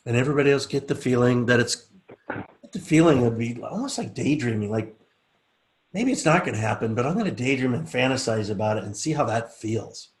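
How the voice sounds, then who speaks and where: A middle-aged man teaching a live online class, chatting casually and then talking the group slowly through a relaxation exercise. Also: medium pitch. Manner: relaxed, coaxing, speaks slowly and softly when guiding. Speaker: teacher leading a group session.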